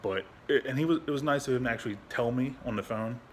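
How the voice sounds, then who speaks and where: A young adult man, a veteran, talking candidly at home into his phone, frustrated and halting, swearing a lot and restarting his sentences. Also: mid-range voice, slight background noise. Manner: frustrated, rambling, heavy swearing. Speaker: veteran vlogger. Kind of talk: candid personal vlog.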